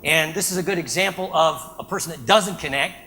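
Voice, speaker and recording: A man with a high voice and a bright, forceful tone lectures to an audience. He tells his anecdote with animated energy and keeps checking in with "right?". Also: a little fast. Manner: animated storytelling with frequent "right?" check-ins. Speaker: speaker. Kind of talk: storytelling lecture.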